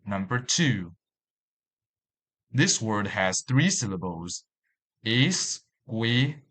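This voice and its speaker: A man narrating a language lesson in a slow, deliberate way, repeating each example word. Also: on the low side, animated, fairly bright tone. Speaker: language teacher.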